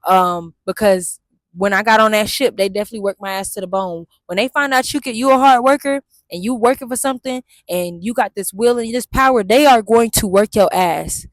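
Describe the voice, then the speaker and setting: A woman's voice: mid-range voice, a little fast, no room sound, clean studio sound. Candid, slangy woman talking outdoors. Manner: candid, slangy and profane, addresses viewers as y'all. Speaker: vlogger and Navy veteran. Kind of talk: casual reflective storytelling. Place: outdoors in the sun and wind.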